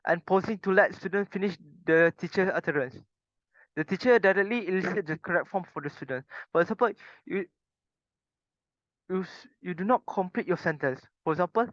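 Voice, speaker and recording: High-voiced young man presenting. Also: fairly quick, a bit bright, dry recording. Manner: explains step by step with short examples, plain wording. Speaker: student presenter. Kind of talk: recorded class presentation. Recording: dull lo-fi, dry recording.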